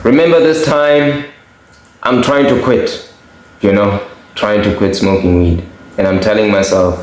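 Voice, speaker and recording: A young man casually chatting as a podcast co-host, telling animated stories with laughter and acted-out quotes. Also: fairly low pitch, unhurried, long pauses. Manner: animated, laughing storyteller who acts out quotes. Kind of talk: casual chat, storytelling. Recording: echoey room.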